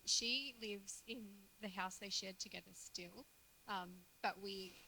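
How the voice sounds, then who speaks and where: A woman in an audience, answering a stage host briefly and softly. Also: medium pitch, takes it slowly, creaky, breathy edge, rough recording. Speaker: audience member. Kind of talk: live audience exchange.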